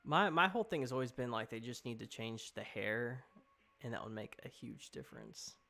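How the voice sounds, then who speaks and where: A young man talks loosely on his live stream. He rambles and reacts to chat comments as they come in. His pitch is right in the middle for a man. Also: moderate pace, creaky, sharp tone. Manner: chatty, rambling, reading chat aloud.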